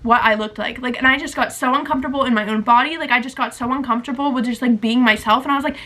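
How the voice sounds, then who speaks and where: Talking very fast in a high-pitched, sharp voice, a young woman in her twenties vlogs through poor audio. It's casual, rambling, and emotional, the kind of confessional chat where "like" comes up constantly.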